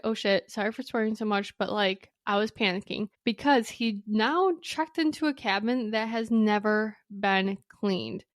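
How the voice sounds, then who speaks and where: A woman's voice: mid-range voice, no room sound, studio quality. Chatty young woman telling a story. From Wisconsin. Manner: chatty, lots of "like", quick asides and apologies. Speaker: podcast host. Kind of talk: casual storytelling podcast.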